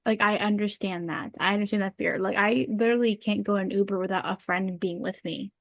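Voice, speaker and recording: A woman in casual podcast chat, earnest and emotional, talking in halting bursts with fillers. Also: medium pitch, fairly even intonation, vocal fry, no echo, studio quality.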